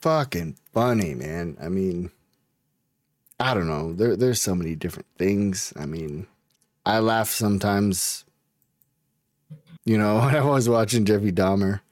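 A man's voice: lowish voice, unhurried, long pauses, darkish tone, no room sound, studio quality. A man chatting casually as a podcast host, rambling, laughing often and swearing a lot. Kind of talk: casual chat.

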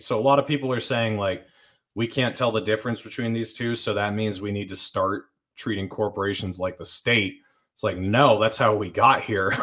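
A man hosting a casual podcast, relaxed and rambling as he lays out his opinions. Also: fairly low pitch. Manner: relaxed, rambling, says "like" a lot. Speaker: podcast host.

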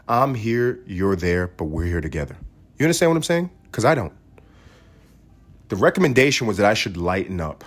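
A man hosting a solo comedic podcast, ranting in a profane, sarcastic way that swings from loud outbursts to low mumbling. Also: sing-song, moderate pace. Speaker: podcast host.

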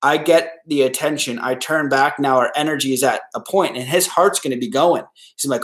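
A man's voice: mid-range voice, brisk, hardly any pauses, a bit bright. Casual man giving rambling advice. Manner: casual, rambling, acts out quoted voices. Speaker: podcast host. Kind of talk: solo podcast advice talk.

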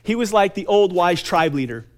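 On a conference stage, a man in his thirties offers a heartfelt motivational talk with dramatic pauses and emphatic lists. His voice is high, with lively intonation.

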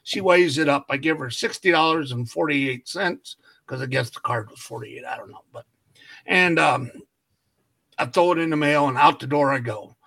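A man's voice: on the high side, normal speed, vocal fry, bright, forceful tone. A man co-hosting a casual podcast, telling a long story and acting out what everyone said, laughing often. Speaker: podcast co-host.

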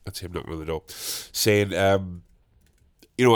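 A young man with a low voice tells a funny anecdote in a loose, rambling way, keeping a measured pace and pausing often. He swears a lot and keeps mocking himself along the way.

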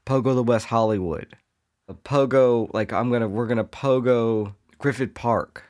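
A man hosting a comedy podcast, riffing in a jokey monologue and now and then slipping into quick voices for imagined people. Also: mid-range voice, darkish tone.

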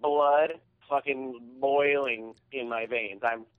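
A man's voice: medium pitch, steady tone, takes it slowly. A man co-hosting a podcast, telling a heated, profane story in casual chat. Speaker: podcast co-host. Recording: tinny phone-like audio.

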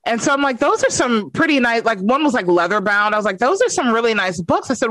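A woman's voice: a little high, fast, few pauses, no room sound. A mother telling a story about her young daughter in a casual chat, acting out both sides of the dialogue. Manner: expressive, acts out the dialogue. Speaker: mother, podcast guest.

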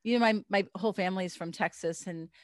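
A woman from Oregon co-hosting a casual podcast chat, soft-spoken and rambling. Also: mid-range voice, fast, no room sound, clean studio sound. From Oregon, USA. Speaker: podcast co-host.

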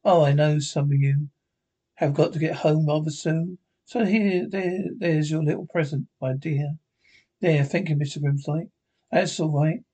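A man reading the part of a gentle, chatty old widower who hands out toys to children. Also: on the high side, steady tone, measured pace, husky. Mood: kindly.

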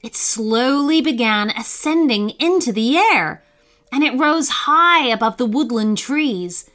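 Slow, expressive woman reading a bedtime story. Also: fairly high pitch.

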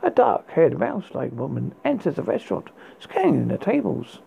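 A man hosting a horror podcast, reading his story in a halting way with restarts, on a tinny lo-fi recording. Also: fairly high pitch, wildly swooping pitch, vocal fry, dark tone, breathy edge. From United Kingdom. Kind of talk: read horror story narration. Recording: tinny phone-like lo-fi sound.

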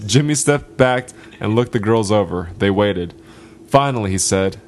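A man hosting a podcast, reading a short story aloud in a slow, deliberate way. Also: lowish voice, expressive, slight background noise. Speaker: podcast host.

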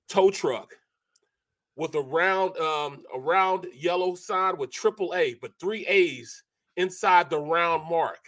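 A man co-hosting a sports talk show, a former player telling animated stories and imitating sounds. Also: a little high, slow pace. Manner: animated, repeats "bro" and "man", mimics sounds. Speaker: co-host, former football player. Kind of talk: casual sports talk storytelling.

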